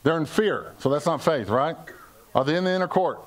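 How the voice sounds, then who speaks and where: An older American pastor preaches a conversational sermon to his congregation at a church service, joking, asking questions, and acting out quoted lines in playful voices. His voice is a little high, with lively intonation and a fairly quick pace.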